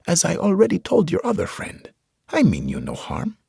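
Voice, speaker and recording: A man voicing a short, thin, middle-aged preacher with a Spanish accent who talks calmly and gently, as if to a child. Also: high-pitched, moderate pace, creaky, breathy edge, no room sound, clean studio sound, pitched above the performer's own voice, full character voice. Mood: serene. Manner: calm, gentle, speaks as if to a child.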